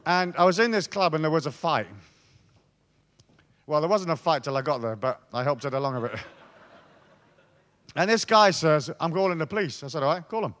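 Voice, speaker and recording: A man's voice: expressive, moderate pace, pauses often. Swaggering, profane man storytelling. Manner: drops to hushed, low tones for emphasis. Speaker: motivational speaker. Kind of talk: storytelling talk to an audience.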